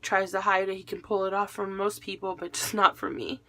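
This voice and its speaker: A woman's voice: medium pitch, flat delivery, fairly quick, fairly bright tone. A young adult woman recounting a painful day in a personal vlog, emotional as she relives events and quotes the people she spoke with. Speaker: widow telling her story.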